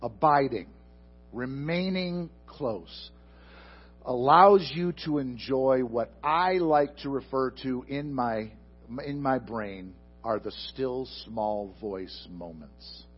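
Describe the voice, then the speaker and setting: A man preaching a sermon into a microphone before a congregation, asking them questions and swinging from loud emphatic bursts to soft, slow asides. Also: medium pitch, breathy edge, dull audio, soft background music. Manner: addresses the congregation directly with questions. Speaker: pastor. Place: church sanctuary before a congregation.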